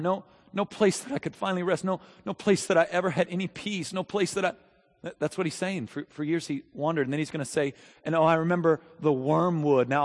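A man preaching a sermon in a church, chatting with the crowd through rhetorical questions and building to loud shouted peaks. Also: on the high side. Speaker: pastor. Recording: long reverb of a large hall.

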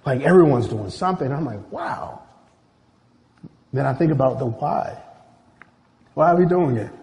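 A man's voice: mid-range voice, brisk. Man preaching in an echoing hall. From Nigeria. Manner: animated storytelling, acting out quoted voices. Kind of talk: sermon.

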